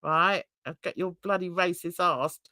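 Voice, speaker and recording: Brief: older woman from England, livestream host, animated, laughs often, dry video-call sound. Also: normal speed, no room sound. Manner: animated, laughing, swearing, jumps into high excited squeals. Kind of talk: casual livestream chat.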